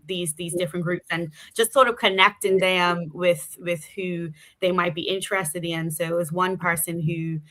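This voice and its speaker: Bright-voiced Bermudian woman, chatty. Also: on the low side, fairly even intonation. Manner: chatty, many fillers, quick laughs. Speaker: guest politician. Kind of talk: casual interview conversation.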